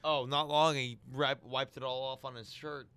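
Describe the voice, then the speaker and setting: A man's voice: medium pitch, flat delivery, normal speed, pushed and bright, smooth, no room sound. A young man in casual podcast chat, throwing in dry teasing remarks. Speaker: podcast guest.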